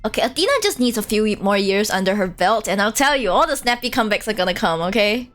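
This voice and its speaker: A woman's voice: mid-range voice, fast talker, a bit bright. A young woman chatting casually and playfully while streaming a game, with slang and teasing asides. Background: faint game music.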